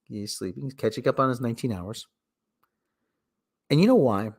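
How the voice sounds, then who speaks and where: A man's voice: medium pitch, animated, normal speed, breathy edge. A man hosting a casual solo livestream, rambling and cutting himself off, with mock radio-announcer asides. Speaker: livestream host.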